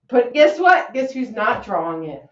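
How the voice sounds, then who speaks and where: A woman co-hosting a casual chat about drinks, teasing and swearing as she talks. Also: fairly high pitch. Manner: playful, teasing, swears, laughs often. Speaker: channel co-host. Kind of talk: casual banter while mixing drinks. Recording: roomy, distant, dull lo-fi sound.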